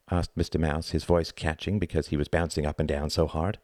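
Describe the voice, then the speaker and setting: A man narrating a novel as an audiobook in a measured, expressive reading. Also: deep voice, dry recording, clean studio sound.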